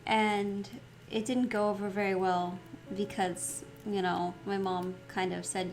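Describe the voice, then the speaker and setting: A woman chatting casually as she plays through a story game, reflective and quick to laugh. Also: mid-range voice, little pitch movement, a little hiss or hum. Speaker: let's play host.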